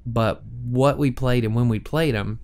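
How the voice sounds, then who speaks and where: This man in his forties co-hosts a podcast, spinning stories in a relaxed chat with frequent laughter. His medium-pitched voice is a little mellow and unhurried.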